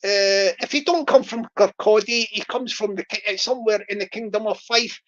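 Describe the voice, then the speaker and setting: A woman hosting her own channel chats in a rambling, casual vlog style, full of restarts and fillers. Her voice is medium in pitch at a moderate pace, captured in a dull lo-fi recording.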